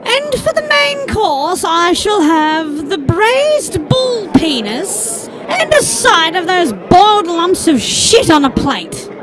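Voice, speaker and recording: A man's voice: very high-pitched, very animated, slow, hardly any pauses, loud music behind the voice, full character voice. A man voicing a crude wife putting on posh airs at a fancy restaurant. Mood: mock-posh.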